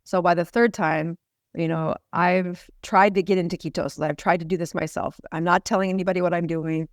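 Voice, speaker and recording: A woman's voice: lowish voice, steady tone, brisk, no echo, clean studio sound. A middle-aged woman physician telling a personal story earnestly, with frequent "you know" restarts. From United States. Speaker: physician guest. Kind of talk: conversational storytelling.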